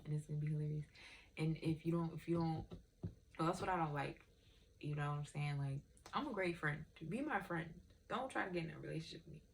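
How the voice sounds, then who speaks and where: A woman's voice: low-pitched, vocal fry, a little hiss or hum. A young woman vlogger in casual, candid chat, rambling and swearing freely.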